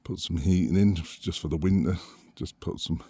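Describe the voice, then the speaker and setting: A man's voice: low voice, moderate pace, mellow. A man chatting casually in a home renovation vlog, laid-back, often chuckling. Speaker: vlogger renovating a house. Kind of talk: casual vlog chat to camera. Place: outdoors on a rural property and indoors in a small kitchen.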